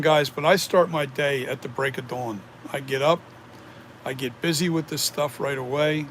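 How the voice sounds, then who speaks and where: A man's voice: mid-range voice, moderate pace, fairly bright tone, slight background noise. A man who makes masks, chatting casually on a live stream, rambling as he reads and answers viewer comments. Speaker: mask maker streaming to viewers.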